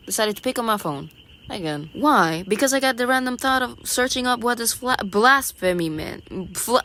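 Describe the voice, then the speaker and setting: A woman narrating her own video in a playful, goofy way, stammering and making up silly words, swinging between lively bursts and low mumbles. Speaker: vlogger. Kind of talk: casual voice-over narration of a video.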